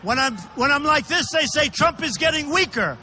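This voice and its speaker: A man's voice: very high voice, animated, normal speed, bright, forceful tone, slight background noise. Emphatic man addressing a rally crowd. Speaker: political candidate. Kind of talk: campaign rally speech. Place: large indoor arena. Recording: echoey arena reverb.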